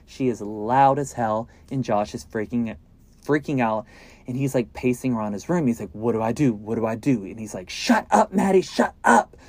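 Man, podcast host, casual true crime storytelling, mid-pitched, filler-heavy. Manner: chatty, lots of "like" and "so", drops to a hush at grim moments.

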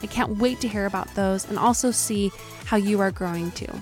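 A woman's voice: mid-range voice, a little fast, a little mellow, soft background music. A woman hosting a motivational podcast, speaking in an earnest, encouraging and personal way. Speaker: podcast host.

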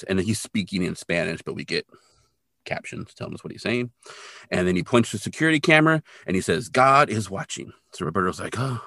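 A man co-hosting a podcast, casually retelling an episode with lively sound effects. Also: lowish voice, dry recording, studio quality. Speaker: podcast co-host.

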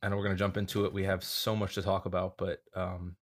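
Laid-back low-voiced male guest. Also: flat delivery, fast. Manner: laughs often, self-deprecating. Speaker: guest musician. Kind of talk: casual podcast chat.

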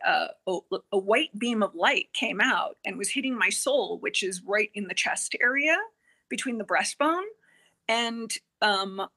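A woman guest on a podcast telling a personal experience, earnest and halting, with many fillers and quoted dialogue. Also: on the high side. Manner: earnest, halting, with frequent fillers and self-corrections; quotes herself and others in lively dialogue.

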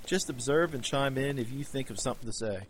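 An actor playing a special agent with a dry wit who turns stern in the interrogation room. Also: male voice, mid-range voice, fast talker, slight background noise, lightly acted. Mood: wry.

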